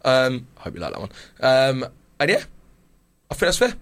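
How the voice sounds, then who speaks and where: A man's voice: mid-range voice, wildly swooping pitch, normal speed, a bit bright, no room sound. A British man co-hosting a football podcast in a studio, laughing often and tripping over his words in casual banter. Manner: laughs often, stammering restarts. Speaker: podcast co-host.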